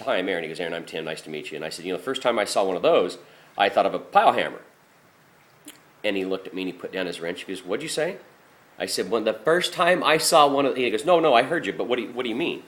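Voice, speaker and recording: A man's voice: medium pitch, fairly bright tone. A middle-aged man who drives a garbage truck, talking casually and frankly about his job, with a lot of swearing, fillers and restarts. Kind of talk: casual rambling monologue.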